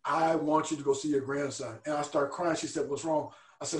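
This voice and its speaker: A man telling a personal story as an interview guest, earnest and animated, acting out the people he quotes. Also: on the high side, brisk, few pauses, roomy sound.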